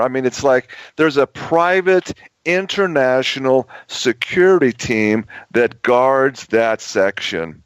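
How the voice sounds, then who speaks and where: A man's voice: mid-range voice, lively intonation, slow, clear, resonant tone, no echo. A man hosting a talk show, telling a long story in a rambling way with many restarts and repeated words. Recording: dull lo-fi audio.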